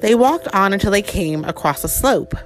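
A woman reading a picture book aloud to a child at home, telling the story expressively and pausing to ask him questions. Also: mid-range voice, lively intonation, soft background music.

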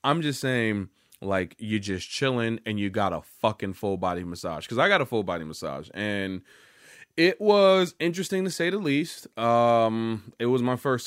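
A man's voice: on the low side, clear, resonant tone, no room sound, clean studio sound. A young man telling a story to the camera in a loose, rambling, profane way, full of restarts and fillers. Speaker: vlogger. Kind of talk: casual storytelling monologue.

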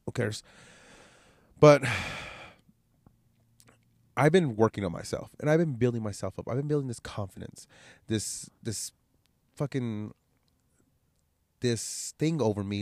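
A man's voice: fairly low pitch, darkish tone, no room sound, studio quality. A man with a stuffed-up nose from a cold, hosting his podcast in a rambling, profane, candid way. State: congested, nasal from a cold. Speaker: podcast host. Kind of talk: casual solo podcast monologue.

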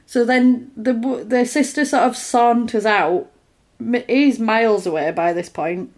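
A woman talks through a film's story in a relaxed, chatty way, the kind of easy back-and-forth a podcast host has with a friend. She keeps the telling lively and now and then slips into brief put-on voices for the characters. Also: a little high. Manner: animated retelling, acts out lines in quick put-on voices; conversational, with fillers and restarts. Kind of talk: casual film recap chat.

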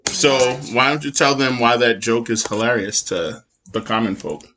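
A man's voice: mid-range voice, moderate pace, bright, forceful tone, slight background noise. Joking man hosting a loose podcast. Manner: joking, teasing, playful banter. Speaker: podcast host. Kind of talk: casual chat.

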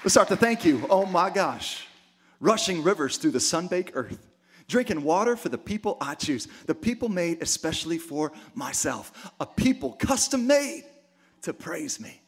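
A man preaching a sermon with lots of energy, dropping to quiet asides and then rising to shouted exclamations. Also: high-pitched, very animated, normal speed, slightly rough. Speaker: pastor.

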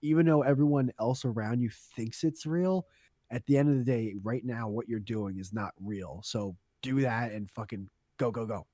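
A man's voice: medium pitch, moderate pace, warm tone, no room sound, studio quality. A young man co-hosting a casual podcast, telling rambling stories full of swearing and laughter. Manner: rambling storyteller, swears a lot, laughs often. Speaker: podcast co-host. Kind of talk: casual chat.

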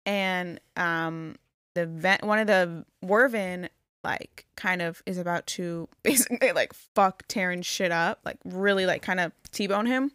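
Unhurried and fairly low-pitched, her voice comes across clear, resonant and a bit bright as the young co-host loosely retells a story full of "like." The chat is casual, captured at studio quality with no room sound.

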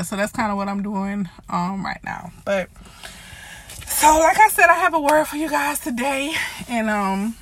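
A woman with a medium-pitched voice hosts her own podcast as a lay preacher, giving a casual devotional sermon. Slightly out of breath, she talks informally between scripture and prayer, praying aloud and repeating "Father God." The recording is dry.

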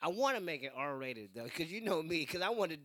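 A man's voice: on the high side, big pitch swings, brisk, pushed and bright, no echo. A man joking around as a podcast guest, laughing often and poking fun at himself. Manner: jokey, self-mocking, laughs often. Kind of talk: casual joking chat.

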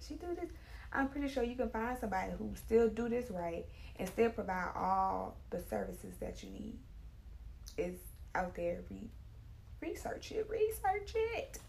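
A woman's voice: high voice, gravelly, a little hiss or hum. A woman hairstylist, talking in a chatty, emphatic casual monologue. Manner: chatty, animated, emphatic, with dialect grammar. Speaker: hairstylist and salon owner.

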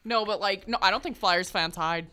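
A woman co-hosting a casual podcast, giggly and lively in her banter. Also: medium pitch, moderate pace. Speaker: podcast co-host. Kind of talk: casual chat. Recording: noisy home recording.

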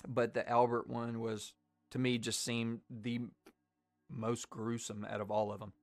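A man with a mixed Southern US and Irish accent, hosting a casual podcast, sounding a little rough and lower than usual because he feels ill. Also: monotone, measured pace, no room sound. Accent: mix of Southern US and Irish. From Arkansas. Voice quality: low, slightly rough. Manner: blunt, profane, storytelling. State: under the weather, voice deeper than usual. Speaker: podcast host.

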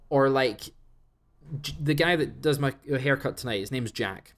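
On a podcast, a young man co-hosting keeps the chat casual and plays out quoted dialogue while recounting stories. He speaks at a measured pace with a medium-pitched voice.

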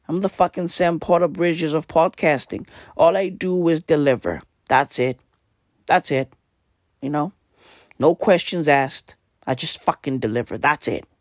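A man hosting a podcast, with a hoarse, worn-out voice and low energy, talking in a casual, profane comedic rant. He keeps tagging his lines with slang and "right?". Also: dry recording, studio quality. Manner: profane, repetitive, tags lines with "bruv" and "right?". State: hoarse, voice nearly gone. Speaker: podcast host.

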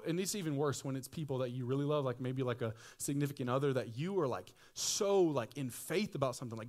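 A young man preaching a sermon as pastor, telling stories in a casual, slangy way, his voice jumping high for excited quoted people and dropping low and quiet at solemn moments. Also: fairly quick.

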